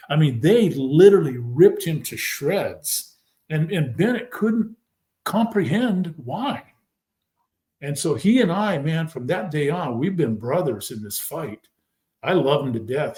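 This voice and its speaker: A former football player, appearing as a podcast guest, tells his own story with emphatic, fervent energy. His voice runs slightly high, and he brings scenes to life by quoting what other people said.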